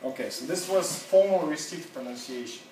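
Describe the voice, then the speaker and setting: A man's voice: on the high side, lively intonation, darkish tone, slight background noise. Echoey distant man teaching a class. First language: Russian. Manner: casual, halting, laughs often. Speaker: seminar teacher. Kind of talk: classroom seminar talk. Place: university classroom.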